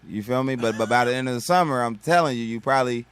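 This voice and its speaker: A man's voice: mid-range voice, fast talker, clean tone, no room sound. A male comedian from Kentucky, chatting as a guest on a radio show in a slangy, laid-back way, often checking in with "you feel me.". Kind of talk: casual radio interview chat.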